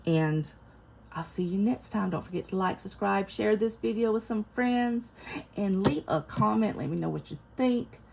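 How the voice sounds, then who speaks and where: A middle-aged woman with a Southern US accent, chatting casually to camera as a vlogger, folksy and quick to laugh. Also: mid-range voice, creaky, background noise. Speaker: vlogger reviewing a Bible study.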